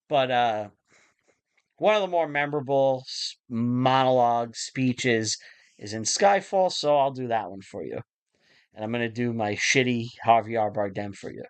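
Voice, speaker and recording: A male podcast host answering listener questions in a relaxed, casual way, with frequent ums and uhs. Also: mid-range voice, unhurried, clear, resonant tone, dry recording.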